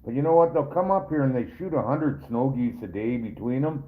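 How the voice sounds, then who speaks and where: A man's voice: medium pitch, expressive, a little fast. Folksy man on a tinny phone-like line. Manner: folksy, rambling, joking. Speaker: trapper hosting a live stream. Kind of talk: casual live stream chat answering viewers.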